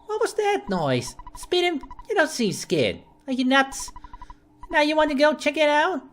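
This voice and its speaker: Man doing a fretting high-voiced game mom. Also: big pitch swings, moderate pace, fairly bright tone, a little hiss or hum, heavily acted. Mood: worried. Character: worried sweet mother with a put-on accent.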